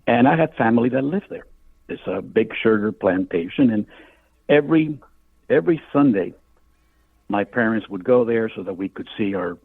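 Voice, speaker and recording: An older man from Cuba, guesting as an author on radio, tells a colorful story in a low voice with a breathy edge, performing the voices in his quotes. He's calling by phone, so it sounds tinny, without room sound.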